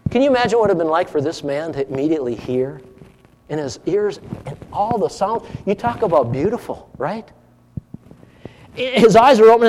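Man preaching, high voice, emphatic and animated, long reverb from a church hall. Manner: animated, emphatic, swings from loud to hushed. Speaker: pastor. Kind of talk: sermon.

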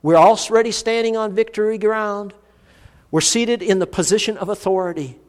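High-voiced preacher in a reverberant hall. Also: male voice, moderate pace. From United States. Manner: earnest, vivid storyteller. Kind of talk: sermon with personal storytelling.

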